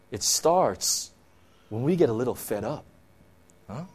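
Lively, animated male preacher. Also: mid-range voice, normal speed, pauses often, slightly rough. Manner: animated preaching, peppered with "you know" and "right?". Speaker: pastor. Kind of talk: sermon.

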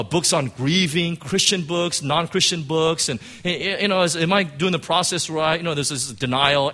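Middle-aged man, pastor, emotional testimony, halting restarts, lively pitch, higher voice. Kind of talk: personal testimony sermon. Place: church sanctuary.

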